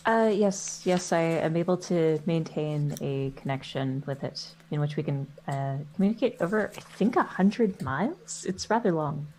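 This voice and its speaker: A woman's voice: sits low, lively intonation, moderate pace, few pauses, a little mellow, a little hiss or hum. A woman player in a tabletop role-playing game, answering in character in the first person.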